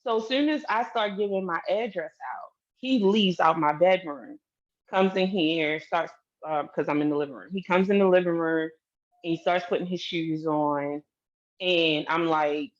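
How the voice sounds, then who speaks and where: A woman's voice: lowish voice, normal speed, dull audio. A woman telling a personal story to her viewers in a candid, casual way, swearing freely and speaking straight to the audience. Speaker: vlogger.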